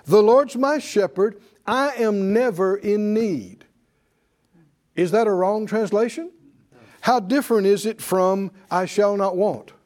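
A man's voice: sits high, darkish tone. A man preaching a sermon to a congregation, calling out questions and repeating key phrases for emphasis. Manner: call-and-response preaching, emphatic repetition. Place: church with congregation.

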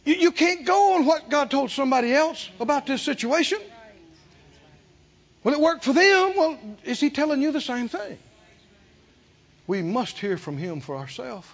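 High-pitched, animated male preacher. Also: normal speed, long pauses, muffled recording. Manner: animated preaching with call-and-response questions to the congregation; acts out quoted voices with big swings in pitch and loudness. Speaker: pastor. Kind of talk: sermon.

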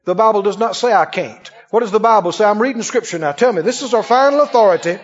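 A pastor delivers a sermon in a high, very rapid voice, laughing frequently and putting questions to the congregation. The audio is dull and lo-fi, captured in an echoing hall.

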